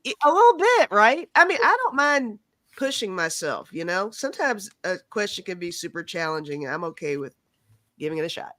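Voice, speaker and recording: A woman's voice: mid-range voice, very animated, a little fast, sharp tone, dry recording. A woman guest tarot reader in casual livestream chat, giggly and agreeable.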